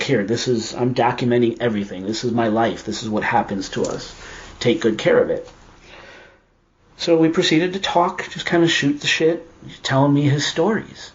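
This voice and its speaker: Animated man recounting a story. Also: medium pitch, lo-fi sound. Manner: animated, acts out his own reactions in quotes. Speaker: podcast guest telling a personal story. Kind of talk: casual storytelling.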